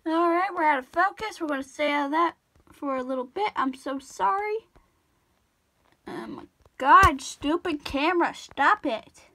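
A woman's voice: high-pitched, expressive, a little slow, sharp tone, slight background noise. A woman chatting casually while she draws, rambling off-topic, apologizing and cutting herself off. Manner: rambling, self-interrupting, apologetic. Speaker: drawing tutorial vlogger.

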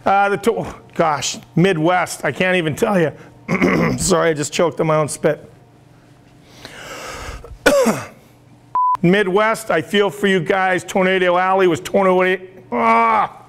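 A man's voice: sits high, steady tone, normal speed, vocal fry, a bit bright. A man doing a brash, boisterous, profane comic weather forecast in a sketch rehearsal outdoors. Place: outdoors on a street curb.

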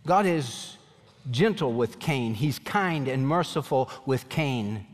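A man's voice: medium pitch, slow. Male pastor preaching in a reverberant hall. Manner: animated preaching, voices God's questions to Cain. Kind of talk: sermon.

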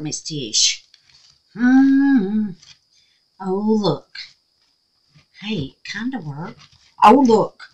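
A middle-aged woman hosting a crafting video, talking casually and excitably with many exclamations. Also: fairly low pitch, breathy edge, low-quality recording. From Southern United States. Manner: chatty, excitable, frequent exclamations. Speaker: resin craft video host. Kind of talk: casual crafting demo talk.

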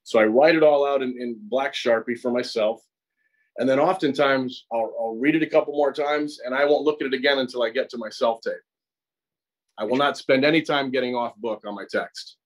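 A middle-aged American man talking through his craft as an interview guest. He is an actor and teacher with a mid-pitched voice, and he explains things at length. He often restarts his sentences and repeats words as he goes. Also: fairly quick, low-quality recording. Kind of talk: conversational interview. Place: acting studio.

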